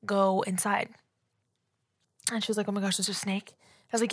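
A woman's voice: medium pitch, flat delivery, normal speed, long pauses, no room sound, studio quality. A young woman co-hosting a casual podcast, telling a story about herself in a self-mocking, giggly way. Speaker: podcast co-host. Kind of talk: casual chat.

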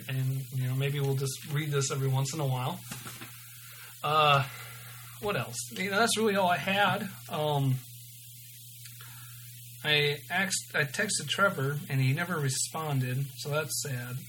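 A man's voice: on the high side, unhurried, fairly bright tone, slight background noise, poor audio. A man hosting a podcast, reading his own story aloud and signing off loosely with lots of ums. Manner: loose and informal, many ums. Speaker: podcast host.

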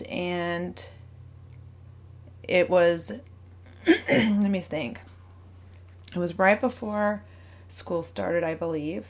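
A woman in her thirties telling a personal story at home, rambling, full of fillers and self-corrections, clearing her throat often. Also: on the low side. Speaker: vlogger.

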